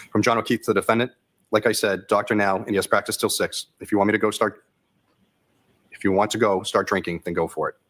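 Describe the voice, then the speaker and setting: Casting note: man on the witness stand, very low voice, quick monotone reading. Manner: flat monotone delivery. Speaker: state trooper testifying in court. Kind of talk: reading text messages into the court record.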